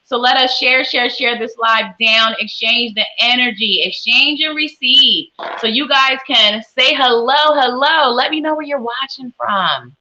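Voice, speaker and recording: A woman's voice: a little high, sharp tone, rough recording. A woman hosting a live psychic stream, giving tarot readings and greeting viewers in a sing-song, effusive way. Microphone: webcam with ring light.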